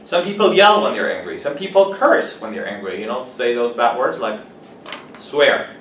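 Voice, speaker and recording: A male English teacher takes his class through vocabulary, giving example sentences and asking the students questions. He is picked up from across an echoey classroom, with a soft hum of room noise behind him. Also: medium pitch, lively intonation, normal speed. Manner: explains words with examples, asks students questions. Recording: echoey classroom mic from a distance.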